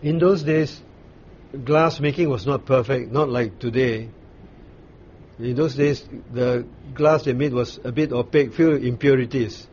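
A man leads a Bible study, walking his listeners through scripture at an unhurried, searching pace with frequent pauses. His voice sits in an ordinary middle register. The recording is dull and lo-fi, with a faint hiss beneath it. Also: mid-range voice, a little mellow. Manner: unhurried explaining with frequent fillers and restarts. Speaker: Bible teacher.

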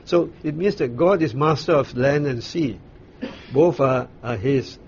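Unhurried man teaching Bible study, lo-fi. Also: mid-range voice, darkish tone. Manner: unhurried explaining with frequent fillers and restarts. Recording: dull lo-fi recording with faint noise.

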